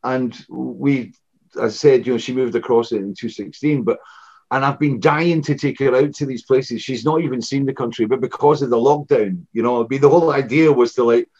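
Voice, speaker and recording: A man's voice: mid-range voice, brisk, breathy edge. A Scottish man in his sixties talks in a loose, rambling way, circling back with "you know" as he tells road stories. His voice sits in an ordinary middle register. The recording is dull and lo-fi. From Scotland. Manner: rambling, many restarts and "you know"s, animated anecdotes. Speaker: guest, former rock frontman. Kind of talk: casual storytelling interview.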